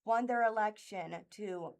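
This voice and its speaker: A woman reading local news articles aloud for a radio reading service, halting and stumbling over names and words. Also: mid-range voice, a little mellow. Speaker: volunteer news reader. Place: thrift store.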